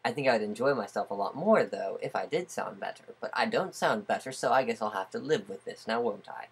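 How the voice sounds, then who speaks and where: A husky, slightly breathy speaker in a casual webcam vlog, recorded close on a built-in mic in a small room. They try out different voices in a playful, self-questioning way, with lots of rhetorical asides. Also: medium pitch, lively intonation, a little fast. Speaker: vlogger.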